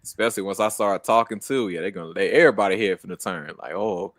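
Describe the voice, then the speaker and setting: A man's voice: lowish voice, fast, fairly bright tone, no echo, clean studio sound. A young American man co-hosting a casual streamed chat, laid-back and slangy, laughing often. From United States. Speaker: co-host.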